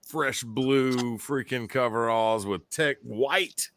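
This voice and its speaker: A man's voice: mid-range voice, slow, fairly bright tone. A man co-hosting a casual chat who tells stories and drops dry, wry jokes. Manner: dry joking asides, wry.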